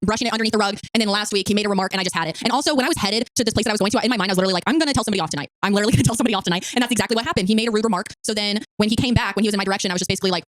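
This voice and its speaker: A woman's voice: mid-range voice, racing, hardly any pauses, no echo. A young woman hosting a podcast, chatting casually in a crude, joking and blunt way. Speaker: podcast host. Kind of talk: casual chat. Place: room at home.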